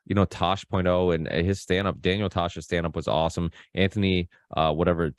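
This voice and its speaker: Man, podcast host, very low voice, dry close sound, rambling, lots of restarts. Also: steady tone, fairly quick, no echo. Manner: rambling, full of fillers and restarts, swears freely. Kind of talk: casual podcast chat.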